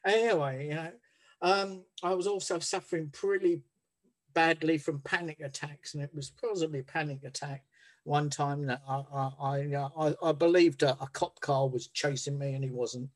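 A man tells a personal recovery story candidly. He rambles, restarts his sentences and swears freely. His voice sits a little high for a man. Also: steady tone, normal speed.

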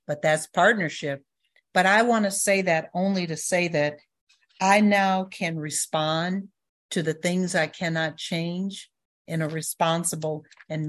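Older woman with a low, grounded voice, sharing her recovery testimony as a lively storyteller. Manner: storytelling, acts out quoted voices, laughs. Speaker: recovery meeting speaker. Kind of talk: personal testimony talk.

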